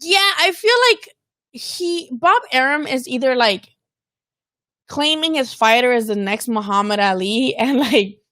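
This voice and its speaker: A woman's voice: fairly high pitch, fairly bright tone, no room sound, clean studio sound. A woman hosting a casual live-stream about boxing, talking candidly with plenty of swearing and bits of Spanish slang. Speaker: boxing channel host.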